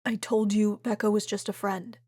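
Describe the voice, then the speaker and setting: A woman's voice: mid-range voice, flat delivery, moderate pace, dark tone, breathy edge, no room sound, clean studio sound, close to an everyday voice. A woman voicing a self-assured male billionaire in his thirties, breezy and cocky.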